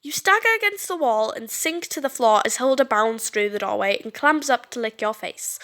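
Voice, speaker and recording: High, bright woman reading a story game. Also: normal speed, hardly any pauses. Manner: animated, stumbling over words. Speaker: game streamer.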